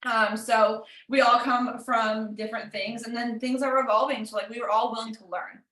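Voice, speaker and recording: A woman's voice: fairly high pitch, level tone, normal speed, a bit bright, reverberant. A woman telling stories in a casual group chat, laughing often as she talks. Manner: bubbly, laughing, storytelling.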